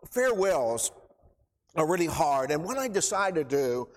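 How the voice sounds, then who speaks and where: A middle-aged man giving an informal, emotional sermon in church, choked up and rambling with restarts. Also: on the high side. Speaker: preacher. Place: church hall. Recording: long church reverb.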